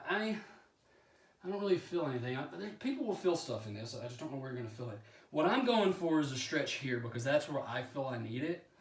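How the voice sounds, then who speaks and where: Demonstrating yoga poses, a man chats casually, out of breath and often clearing his throat, while poking fun at his own flexibility. His voice is on the high side, heard from a distance in an echoey room.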